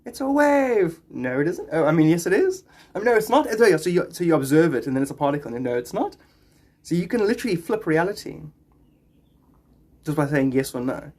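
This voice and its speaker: A man's voice: on the high side, sing-song, brisk, darkish tone. A man chatting on a live stream, reading viewers' comments and rambling into spiritual musings.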